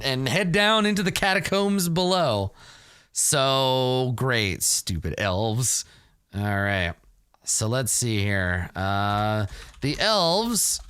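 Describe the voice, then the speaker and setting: A man's voice: mid-range voice, pushed and bright, clear, resonant tone, no echo. A man narrating a solo tabletop role-play session in a casual, rambling way, with self-mocking asides. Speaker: solo game player and narrator.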